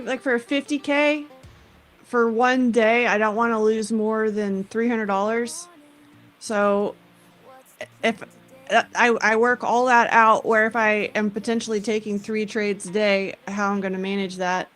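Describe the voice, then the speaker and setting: A woman co-hosting a live trading stream, explaining things in a relaxed, matter-of-fact way and teasing her co-host now and then. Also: fairly high pitch, unhurried, faint music behind. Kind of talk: casual live-stream chat.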